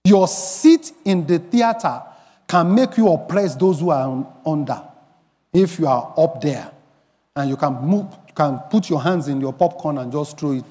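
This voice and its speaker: A man preaching a sermon as pastor, emphatic, rising to shouts and bursts of song. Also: on the high side, expressive, unhurried, long reverb tail. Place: church.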